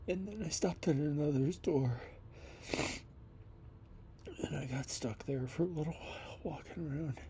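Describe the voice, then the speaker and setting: A man in his fifties leaving a slow, rambling, upset voice message from a basement, often dropping to a whisper. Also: fairly high pitch, mellow, slight background noise. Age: 50s. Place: basement of a house.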